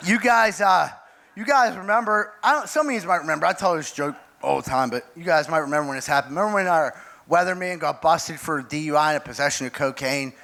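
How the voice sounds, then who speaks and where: Gravelly high-voiced comedian rambling a story. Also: male voice, fast talker, pushed and bright. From Pittsburgh area, US. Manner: loose rambling storytelling with acted quotes. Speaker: stand-up comedian. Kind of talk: stand-up comedy set. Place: live comedy venue with audience.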